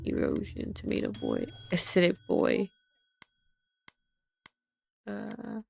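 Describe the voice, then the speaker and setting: Gravelly-voiced woman playing a game. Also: medium pitch, sing-song, unhurried, long pauses. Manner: reads game text aloud, swears and laughs casually. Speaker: gaming youtuber. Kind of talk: casual let's-play commentary.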